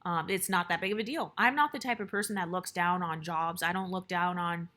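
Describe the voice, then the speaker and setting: A young woman telling a casual storytime about her workplace, blunt and animated, swearing freely and acting out what others said. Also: on the low side, a little fast.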